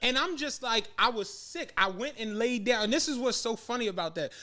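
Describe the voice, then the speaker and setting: Man with a high, lively, bright voice; animated, profane storyteller who laughs through his tales. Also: brisk. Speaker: podcast guest telling a story. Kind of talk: casual storytelling among friends.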